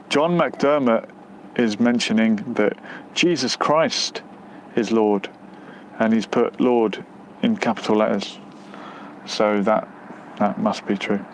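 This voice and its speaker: A man's voice: mid-range voice, a little hiss or hum. A man hosting a casual live stream, reading out viewer comments and answering them in a rambling, hesitant way with many fillers and restarts. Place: near the outskirts of West London.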